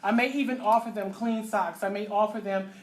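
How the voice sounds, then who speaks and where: A middle-aged woman teaching a physical therapy class, lively and joking, acting out little voices and asides as she lectures. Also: medium pitch, brisk. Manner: animated, acts out voices and asides, laughs often. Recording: faint background noise.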